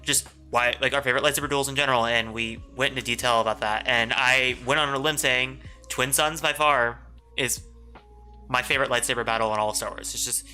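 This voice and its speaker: Man with a very bright voice. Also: mid-range voice, fairly even intonation, brisk, faint music behind. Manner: earnest, repetitive. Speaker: podcast co-host. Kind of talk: casual fan discussion.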